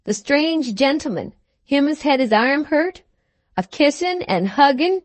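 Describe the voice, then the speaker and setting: A woman voicing a sly, slow fat serving boy who drawls in rough country grammar. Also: high voice, expressive, no room sound, voice pushed up. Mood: ominous. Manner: drawling, ungrammatical country speech.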